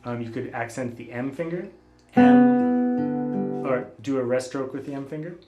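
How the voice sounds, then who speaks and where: Calm man teaching guitar in a roomy space. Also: mid-range voice, fast talker, dull audio. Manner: calm, patient explaining, calls out finger letters. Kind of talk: spoken instruction between playing. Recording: roomy sound with guitar playing.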